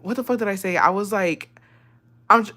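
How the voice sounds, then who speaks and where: Bright-voiced woman telling a profane story. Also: medium pitch, a little fast. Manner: swears freely, calls viewers "besties", acts out dialogue. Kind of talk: casual storytime vlog.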